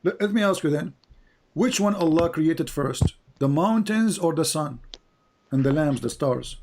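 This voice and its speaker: Man, debate host, somewhat high voice, hoarse and worn, insistent, interrupting, repeats questions. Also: animated, measured pace, a little mellow, slight background noise. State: losing his voice. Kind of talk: live-stream religious debate.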